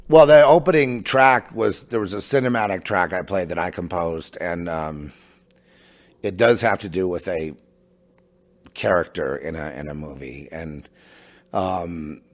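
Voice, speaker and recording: A middle-aged man from a home studio, rambling in a casual monologue, halting with many restarts and asides. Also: deep voice. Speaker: podcast host. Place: home in New Mexico.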